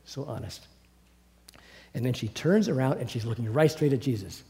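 A man's voice: medium pitch, animated. Man preaching in a reverberant hall. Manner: earnest, halting, many restarts, drops to soft asides. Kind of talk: sermon.

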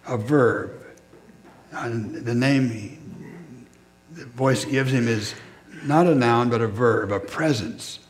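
Pausing between short phrases, a man preaches reflectively and at a measured pace, his voice at a medium pitch.

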